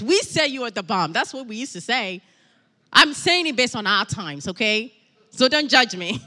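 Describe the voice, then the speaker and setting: A woman's voice: fairly high pitch, bright, forceful tone, in a large hall. A woman preaching a sermon in a church, emphatic, repeating key phrases and building to exhortation.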